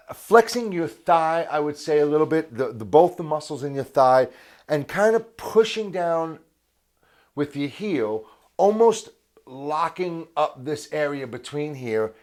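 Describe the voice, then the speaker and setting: A man teaching a video drum lesson, explaining foot technique, repeating key words for emphasis and counting beats aloud. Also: mid-range voice.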